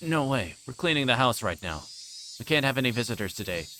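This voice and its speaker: A man voicing a gruff, bullying middle-aged male guardian who talks roughly and threatens. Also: mid-range voice, big pitch swings, fairly quick, pushed and bright, a little hiss or hum. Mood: surly. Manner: rough, threatening, faked sweetness.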